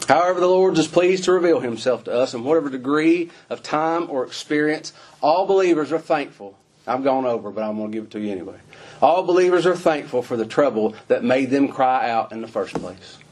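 Husky preacher, folksy and emphatic. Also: male voice, mid-range voice, a little mellow. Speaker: pastor. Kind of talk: sermon.

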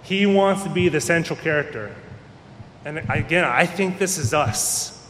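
This pastor is animated but takes his sermon a little slowly, his voice slightly bright. He keeps things conversational and acts out the voices of people he quotes, recorded in an echoey hall with faint rumble.

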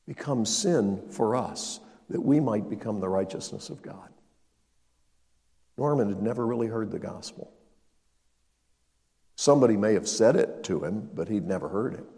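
A man's voice: fairly low pitch, warm tone, long reverb tail. An older man preaching a sermon as pastor, telling a story and acting out the dialogue with emphatic rises.

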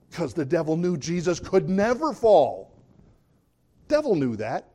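A man preaching a sermon as pastor, animated, jumping up to high emphatic bursts and dropping low for asides. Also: unhurried.

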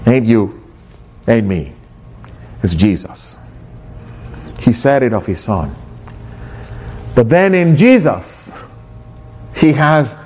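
A male pastor delivers a sermon in a slow, deliberate way. His voice swings widely in pitch, climbing into excited bursts of emphasis before settling back down to a steady middle register.

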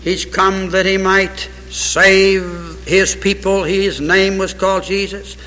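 A man preaching a sermon, reading scripture aloud and pressing each point with emphasis until he breaks into shouts. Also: high-pitched, little pitch movement, takes it slowly, soft background music. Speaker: pastor. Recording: echoey hall with long reverb.

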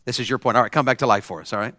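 A man's voice: mid-range voice, racing, pushed and bright, no room sound, clean studio sound. A man preaching to students, using a volunteer as an illustration and leading them in call-and-response phrases. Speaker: preacher at a school chapel. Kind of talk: sermon to students.

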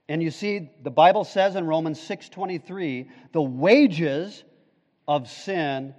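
Slow, emphatic preacher in a reverberant hall. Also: male voice, lo-fi sound. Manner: emphatic preaching, swinging from loud urgent peaks to quiet low asides. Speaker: pastor. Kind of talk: sermon. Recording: long reverb of a large hall.

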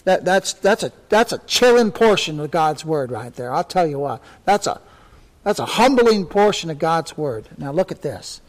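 A man with a high-pitched voice preaches a sermon from scripture, driving points home by repeating words. His delivery is emphatic and earnest. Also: very animated, moderate pace. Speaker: pastor.

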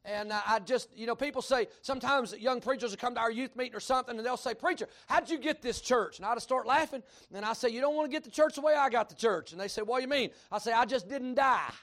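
A middle-aged man with a Kentucky accent preaching a sermon as pastor, folksy and animated, rising into shouts. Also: very high voice, quick pace, few pauses. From Kentucky, USA.

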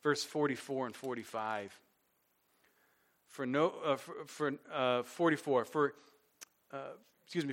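A man preaching a sermon from a church stage, animated, often repeating words as he builds a point. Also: mid-range voice, a little slow. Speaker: pastor.

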